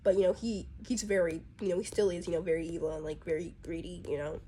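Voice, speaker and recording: A woman's voice: lowish voice, fast, dark tone, slight background noise. A woman casually chatting about her drawn characters, rambling and chatty, with plenty of fillers. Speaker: artist presenting her characters. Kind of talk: casual chat.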